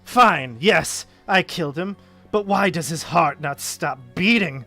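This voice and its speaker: Man doing a mad young count, raving, shouting, high voice. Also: lively intonation, measured pace, creaky, faint music behind, exaggerated voice. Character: mad young male count obsessed with heartbeats and worms.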